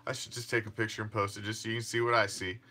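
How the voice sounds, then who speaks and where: A man's voice: lowish voice, level tone, very fast, pushed and bright, a little hiss or hum. A man hosting a fan sports show, talking casually in a rambling, emphatic way with frequent restarts and some swearing. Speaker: fan podcast host.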